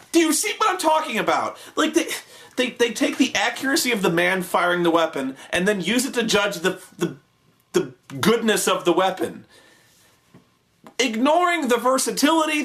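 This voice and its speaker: Man, high voice, lively swooping pitch, sarcastic profane rant, mocking impressions. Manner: sarcastic, profane, exasperated, mimics people in exaggerated voices. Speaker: host reviewing a TV show. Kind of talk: ranting commentary.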